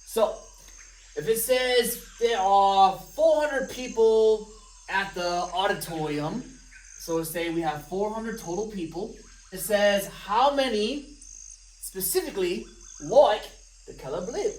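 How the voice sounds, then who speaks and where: A woman math teacher talks students through test problems with a playful, joking manner. Her voice sits at an ordinary pitch and lands a step away from the microphone. The room adds a noticeable echo around her. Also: lively intonation, takes it slowly, darkish tone. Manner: playful, jokey asides to students. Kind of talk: recorded math test review lesson. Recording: roomy, from a distance of the mic.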